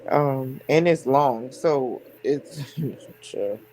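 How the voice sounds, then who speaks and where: A woman's voice: very deep voice, very slow, dark tone, a little hiss or hum, rough recording. A middle-aged woman, a hairdresser hosting a livestream, chatting candidly and laughing between lines. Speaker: stream host, hairdresser. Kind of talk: casual chat on a livestream.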